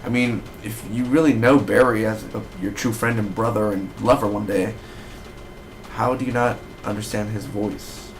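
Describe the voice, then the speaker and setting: A man giving a casual spoken review of a TV episode, rambling and excitable with lots of fillers. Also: fairly low pitch, moderate pace, a little hiss or hum. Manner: rambling, excitable fan talk with many fillers.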